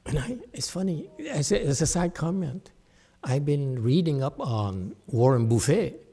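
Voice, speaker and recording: A man's voice: fairly high pitch, big pitch swings, measured pace, dark tone, breathy edge. A middle-aged man, a Buddhist teacher, giving a chatty dharma lecture with digressive asides and frequent laughs. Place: temple hall.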